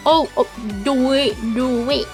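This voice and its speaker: A woman streamer in a relaxed call with her friends, drawn-out and slow in her speech. Her voice sits a little high and she teases and gasps easily. Soft game music plays faintly underneath. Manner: teasing, excitable, slow-spoken. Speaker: streamer hosting a group call. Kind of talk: casual chat between gamer friends.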